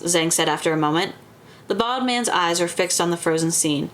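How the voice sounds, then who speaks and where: A woman's voice: lowish voice, normal speed, fairly bright tone. A woman streamer who reads a book aloud and chats casually, full of fillers. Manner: chatty, filler-heavy between reading. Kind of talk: audiobook-style reading and casual chat.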